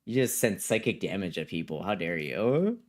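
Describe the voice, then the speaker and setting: A man's voice: low voice, very animated, moderate pace. A man streaming a video game live, chatting casually with viewers in a rambling way and often repeating himself. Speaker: gaming livestreamer. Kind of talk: casual live-stream chat reading chat messages.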